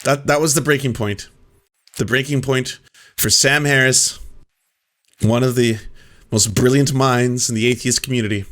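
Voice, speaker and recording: A man's voice: mid-range voice, steady tone, moderate pace, pauses often, a bit bright. A man hosting a commentary show, reacting to clips with sarcastic, mocking and profane remarks.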